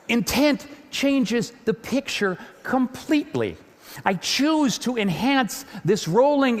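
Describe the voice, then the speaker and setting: Animated man talking on a hall stage. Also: very high-pitched. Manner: animated, repeats words when getting going. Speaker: speaker giving a stage talk. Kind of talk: lively stage talk.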